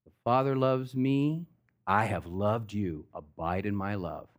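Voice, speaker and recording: A man's voice: fairly low pitch, unhurried. A pastor preaching a sermon, talking casually and with slang, acting out the stories he tells.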